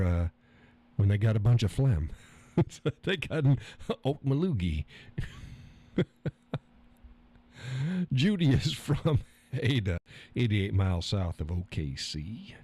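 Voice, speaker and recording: Reading chat on a casual stream, this middle-aged host speaks with a fairly low, dark, expressive voice at a measured pace with long pauses. He's chatty, jokes crudely and laughs often.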